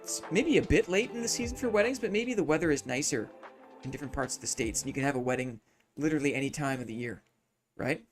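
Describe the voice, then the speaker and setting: A man's voice: mid-range voice, lively intonation, fast, faint music behind. A man from Canada, streaming a game live and chatting with his viewers in a goofy, joking way. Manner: goofy, jokey, chatty with chat.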